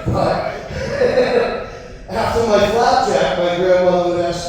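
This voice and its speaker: A stand-up comedian in his thirties from Massachusetts performs a crude, rambling set in a high voice with wildly swooping pitch and drawn-out words, laughing at his own jokes. The audience venue sounds like an echoey hall, recorded from a distant mic with faint noise.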